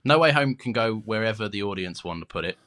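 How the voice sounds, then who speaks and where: A man's voice: on the low side, animated, fast, a bit bright. A man co-hosting a podcast, talking animatedly with frequent hesitations. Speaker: podcast co-host. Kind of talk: casual chat.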